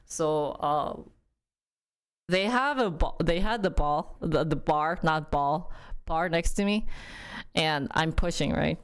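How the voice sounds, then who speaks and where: A young woman streamer chatting casually with viewers, telling a story in an animated way and acting out quotes with sudden jumps in pitch. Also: slow, clean tone.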